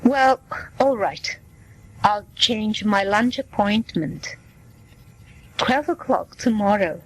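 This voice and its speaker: A woman's voice: mid-range voice, poor audio. A woman reading as a patient booking a visit. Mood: plain. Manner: slow, plain reading voice. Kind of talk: scripted dialogue for learners.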